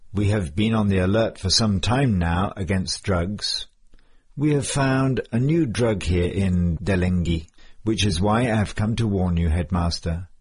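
A man's voice: sits low, breathy edge. A man voicing a stern male police sergeant who delivers emphatic warnings.

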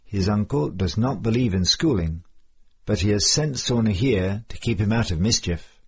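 A man's voice: lowish voice, lively intonation, moderate pace, breathy edge, full character voice. A man voicing an impatient male headmaster who presses with questions. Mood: curious.

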